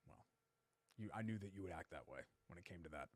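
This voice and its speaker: A man's voice: deep voice, animated, fast talker, no echo. A middle-aged man co-hosting a sports talk show, bragging in a playful, self-mocking way during casual banter in a studio. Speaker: co-host.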